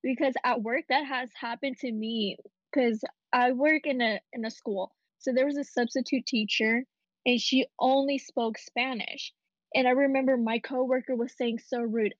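A woman's voice: high voice, moderate pace, no room sound, lo-fi sound. A woman who works at a school, speaking outspokenly in a casual group conversation. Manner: outspoken, quotes herself often. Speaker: school staff member.

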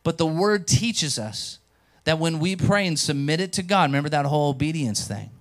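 Male pastor, sermon delivery, somewhat high voice, animated storyteller who addresses the room directly. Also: normal speed. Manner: animated storytelling, acts out quotes. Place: church.

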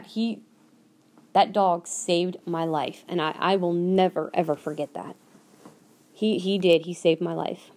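A woman's voice: fairly low pitch, darkish tone. A woman hosting a podcast, telling a personal story in a casual, earnest way and acting out the voices of people she quotes. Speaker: podcast host.

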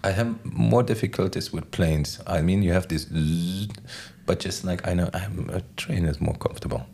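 A man with a very low, gravelly voice and a husky edge speaks as a guest in a casual chat. He rambles in an easygoing way, leaning on filler words as he thinks aloud. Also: a little fast. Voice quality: deep gravelly voice. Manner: relaxed and rambling, many "like" fillers. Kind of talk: casual conversation.

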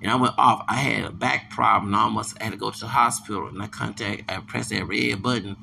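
A man's voice: on the low side, fairly even intonation, a little fast, creaky, bright, forceful tone, slight background noise. A man hosting a podcast, delivering a heated, angry monologue rant and repeating himself as he vents. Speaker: podcast host.

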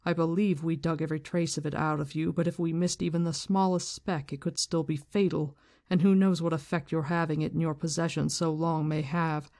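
A reader voicing a stern, powerful woman leader, reading her lines in a measured, firm way. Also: mid-range voice, level tone, a little mellow, natural voice.

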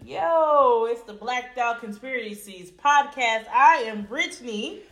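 A woman's voice: fairly high pitch, slow pace, fairly bright tone. A woman from Detroit co-hosting a podcast, a little tipsy, chatting casually with laughing, profane banter. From Detroit, USA. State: tipsy from drinking. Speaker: podcast co-host. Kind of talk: casual chat. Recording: echoey room.

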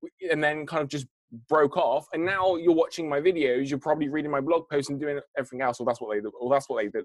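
A man's voice: on the high side, fairly even intonation, quick pace, no echo. A man chatting casually about business, rambling with many restarts and asides. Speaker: entrepreneur guest. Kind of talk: casual chat.

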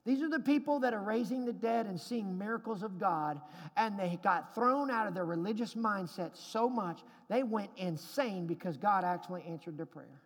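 A man preaching with a very high voice, pressing his points hard and climbing to shouts. His words ring out in a large hall with a long, trailing reverb. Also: animated, moderate pace. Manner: emphatic preaching, rising to shouts at climaxes. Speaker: pastor. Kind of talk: sermon.

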